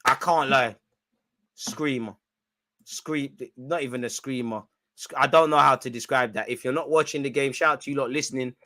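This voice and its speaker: Speaking at a moderate pace in a mid-range voice, this man runs a live football watch-along full of slangy banter. He responds to the action, frequently bursts out laughing, and reacts loudly whenever there's a goal or a chance.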